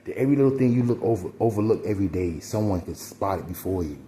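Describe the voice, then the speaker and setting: Deep-voiced man preaching casually. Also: animated, quick pace, mellow, slight background noise. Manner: preachy, rambling, addresses listeners as y'all. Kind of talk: casual spiritual monologue.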